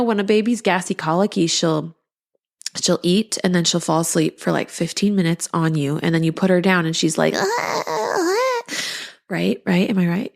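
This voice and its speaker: Exhausted thirtysomething woman podcasting, rambly and laughy, a bit of fry in the voice. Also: mid-range voice. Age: 30s. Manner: chatty, laughs often, rambling restarts. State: sleep-deprived, tired. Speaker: podcast host. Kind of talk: casual podcast monologue.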